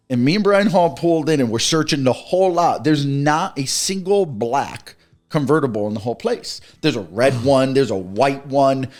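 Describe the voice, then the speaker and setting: A young man in his twenties in a casual chat, telling long stories and acting out the quoted lines of the people in them. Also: mid-range voice. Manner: relaxed storytelling with quoted dialogue.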